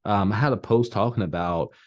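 A man's voice: on the low side, brisk, lo-fi sound. A man hosting a podcast interview, enthusiastic and acting out quoted thoughts as he talks. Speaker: podcast host. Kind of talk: conversational interview.

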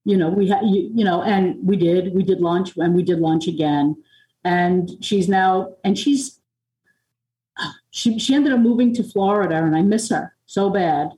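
A middle-aged woman from Long Island with a mellow, warm voice, recorded in an echoey room. She sits a little away from the microphone. She tells personal stories candidly and rambles, with plenty of fillers and restarts. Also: lowish voice, unhurried. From Long Island, New York. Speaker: podcast guest, music producer and author. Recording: roomy and distant from the mic.

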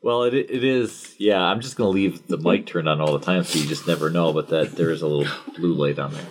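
Deep-voiced man with dry wisecracks. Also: fairly quick, a little hiss or hum. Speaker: podcast host running the mic. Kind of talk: casual chat.

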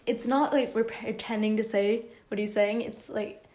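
A woman's voice: medium pitch, steady tone, normal speed, warm tone. A young woman co-hosting a podcast, chatting casually, giggly and rambling with many restarts. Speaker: podcast co-host. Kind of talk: casual chat.

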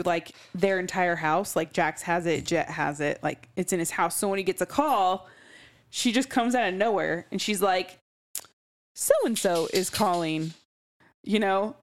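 A woman co-hosting a podcast, chatting casually and bluntly about a book, laughing often. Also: mid-range voice. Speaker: podcast co-host. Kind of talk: casual book club chat.

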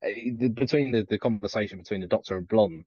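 A young man with a low voice chats on a podcast in a dry, close sound. His telling is animated, and he keeps leaping into squeaky impressions of what characters say. The recording is a touch dull and lo-fi. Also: fast talker, no echo. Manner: animated storyteller, mimics characters with sudden high pitch jumps. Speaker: podcast co-host. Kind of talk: casual chat.

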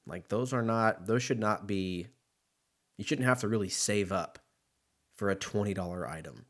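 Man, podcast host, fairly low voice, loose profane rambling, casual solo chat. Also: normal speed, fairly bright tone. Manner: rambling, profane, laughs at his own jokes.

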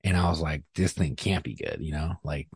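A man, a police officer, telling a story in casual podcast talk, profane and animated, acting out what people said. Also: very deep voice, fairly quick, creaky, slightly rough, no room sound. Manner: profane, animated, acts out quotes.

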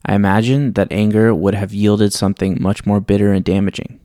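Reading a personal story aloud with reflective wryness, a male podcast host speaks briskly in a low, dark voice that barely moves in pitch, then closes with a casual sign-off. The sound is clean studio audio with no echo.

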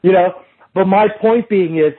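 A movement coach tells a casual story in an animated, profane way, acting out what other people said. His voice sits high and sounds husky and narrow, he's in no hurry, and the audio is tinny.

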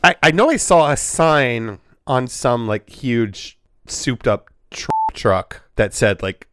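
A man's voice: medium pitch, expressive, takes it slowly, fairly bright tone, smooth, no echo, clean studio sound. A man co-hosting a comedy podcast, teasing his partner and laughing often. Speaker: podcast co-host. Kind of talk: casual comedic podcast banter.

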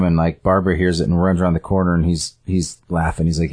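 A man's voice: deep voice, flat delivery, fast, hardly any pauses, darkish tone. A man casually retelling a story scene by scene, rambling with fillers and self-corrections.

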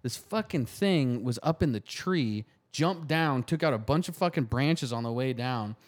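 A man's voice: medium pitch, lively intonation, normal speed. A man co-hosting a comedy podcast, telling a story with lots of profanity in a casual chat. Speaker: podcast co-host.

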